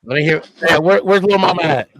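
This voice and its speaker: A man's voice: a little high, fairly quick. Laid-back man hosting a podcast. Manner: laid-back, slangy, thanks guests warmly. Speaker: podcast host. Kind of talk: casual call-in chat.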